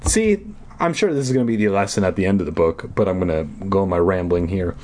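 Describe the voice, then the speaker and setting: A man's voice: low-pitched, quick pace, a little mellow, slight background noise. A man reading a children's book aloud who breaks off into rambling, profane, joking asides. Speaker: amateur audiobook reader.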